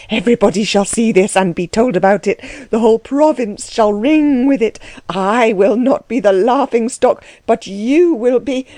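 A woman voicing an agitated, jealous young man close to tears, with shrill, raving outbursts. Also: dark tone, dry recording, natural voice. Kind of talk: audiobook character voice.

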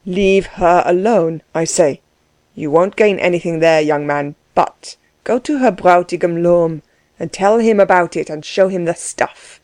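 A woman's voice: lowish voice, a little slow, dry recording, close to an everyday voice. A woman reading the part of a blustering, domineering middle-aged German man who mocks and orders others about. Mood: mocking. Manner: loud, bossy, laughing scorn.

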